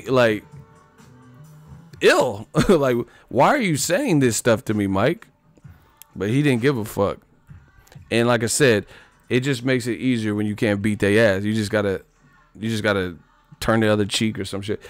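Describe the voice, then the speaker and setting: A man's voice: fairly low pitch, animated, a little slow, pauses often, faint music behind. A man hosting a livestream, rambling profanely about boxing in casual talk, often laughing. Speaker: livestream host.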